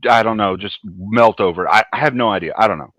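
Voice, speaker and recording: A man's voice: lowish voice, fast, a bit bright, dry recording. A Southern American man, a panelist in a casual chat, laid-back, profane and rambling. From United States.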